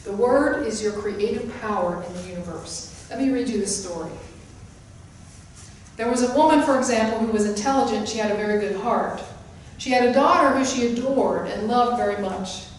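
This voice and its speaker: A woman's voice: mid-range voice, moderate pace, slight background noise. Woman teaching in an echoey hall. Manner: emphatic, repeats key phrases. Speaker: spiritual teacher. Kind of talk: sermon-style teaching. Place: hall of a spiritual center. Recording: echoey room, mic at a distance.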